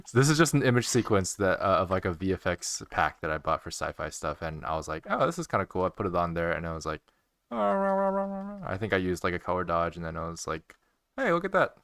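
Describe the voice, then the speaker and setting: American dude rambling on a stream, laughs a lot, dry close sound. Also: male voice, deep voice, fairly bright tone, no echo. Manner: chatty, laughs often, self-deprecating. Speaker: animator hosting a commentary stream. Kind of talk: casual stream commentary.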